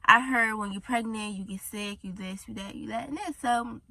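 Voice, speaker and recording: A woman's voice: on the high side, moderate pace, sharp tone, no echo. A pregnant teenage girl telling a casual story-time vlog from inside a car, chatty and rambling, a little tired and down. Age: teens. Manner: chatty, rambling, says y'all often. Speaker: vlogger.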